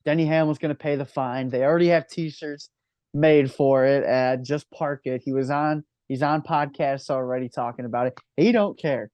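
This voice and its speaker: Excitable man, casual podcast co-host. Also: medium pitch, moderate pace, clean tone, no echo, muffled recording. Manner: enthusiastic, swearing, laughing. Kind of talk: casual racing chat.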